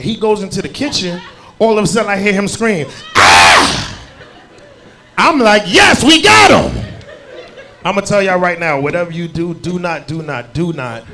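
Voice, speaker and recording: A young stand-up comedian from New Jersey with a high voice performs on a club stage into a handheld mic. He tells animated stories and swings into loud, shouted bits.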